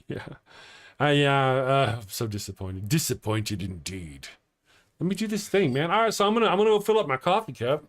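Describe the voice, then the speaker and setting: A man's voice: fairly high pitch, sing-song, a little fast. A middle-aged man hosting a casual morning livestream, rambling and chatty as he reads viewer comments aloud. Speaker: morning show livestream host.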